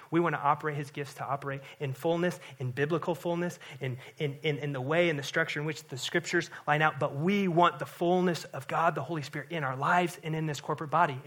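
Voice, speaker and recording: A man's voice: on the high side, fairly bright tone. A middle-aged man, a pastor, giving an earnest, conversational sermon with frequent restarts.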